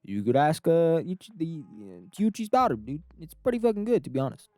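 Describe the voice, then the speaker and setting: A man voicing a brash teenage boy acting like an Italian-style mob tough, picking fights with rapid-fire taunts. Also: on the high side, sing-song, a little mellow, no room sound, faint music behind, pitched above the performer's own voice. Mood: cocky.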